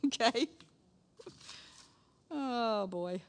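A woman's voice: fairly high pitch, expressive, very slow. Middle-aged woman, folksy church teacher, chatty asides, scripture quoted in a preaching tone. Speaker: speaker at a church gathering. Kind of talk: sermon-style teaching.

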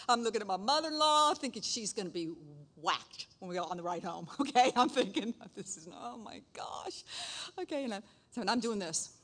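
A middle-aged woman, a nurse, shares a faith testimony in a lively way. She laughs often and acts out the dialogue. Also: a little high. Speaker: speaker sharing testimony. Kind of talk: casual testimony storytelling.

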